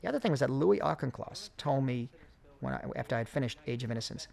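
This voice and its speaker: A man giving a film commentary track, talking in halting runs full of fillers and restarts. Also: mid-range voice, lively intonation, vocal fry, darkish tone. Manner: halting, many fillers, quick bursts.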